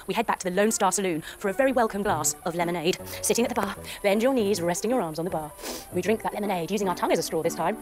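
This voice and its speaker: A woman narrating an animated yoga adventure for children, with gasps, sound effects and pose instructions. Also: mid-range voice, racing, music in the background. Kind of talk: kids yoga story narration.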